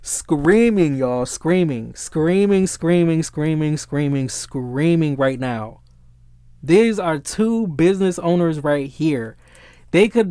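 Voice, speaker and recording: A man with a somewhat high voice talks through a tarot spread in an easygoing way, grows excitable and swears freely. He often pauses to hunt for the right word. The sound is dry, with no room echo. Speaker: tarot reader. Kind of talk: casual tarot reading to camera.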